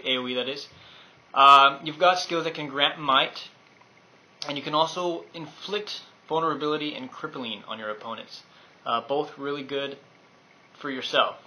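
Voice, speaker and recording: Bright-voiced man rambling about gameplay. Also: fairly high pitch, rough recording. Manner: enthusiastic, rambling with fillers. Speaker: game guide presenter. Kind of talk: casual gameplay overview.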